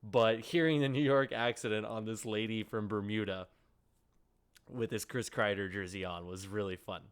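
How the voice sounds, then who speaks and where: A man with a northern US accent, hosting a solo sports podcast and ranting in a chatty, rambling way with quick asides. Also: medium pitch, clear, resonant tone. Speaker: podcast host.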